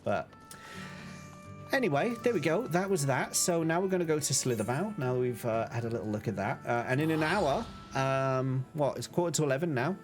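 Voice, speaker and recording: A man's voice: medium pitch, soft background music. A British man giving casual, rambling commentary while he streams a video game. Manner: chatty, rambling, quick asides. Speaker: gaming streamer.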